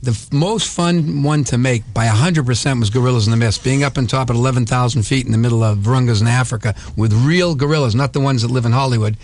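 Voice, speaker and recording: A man's voice: medium pitch, darkish tone, a little hiss or hum. A man interviewed on talk radio as a film producer, upbeat and diplomatic. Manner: upbeat, diplomatic, quick-talking.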